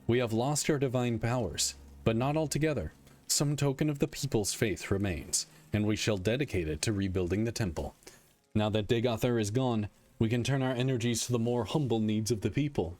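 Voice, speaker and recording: A man reading aloud the lines of a weary male god-king who speaks dryly and candidly, in a plain, measured voice. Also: medium pitch, darkish tone, close to an everyday voice. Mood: solemn.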